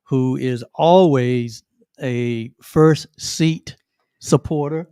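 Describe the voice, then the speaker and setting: A man's voice: medium pitch, takes it slowly, mellow, clear, resonant tone, dry recording, studio quality. A middle-aged man co-hosting a livestream, talking earnestly about gratitude and often repeating himself. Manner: earnest, repeats phrases, ends with "right?". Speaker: co-host. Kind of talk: reflective livestream talk on gratitude.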